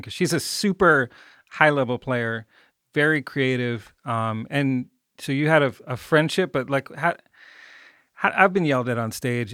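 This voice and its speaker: A man's voice: mid-range voice, fairly bright tone, no room sound, clean studio sound. A man hosting a music podcast, asking loose, rambling questions full of fillers. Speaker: podcast host. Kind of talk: casual interview questions.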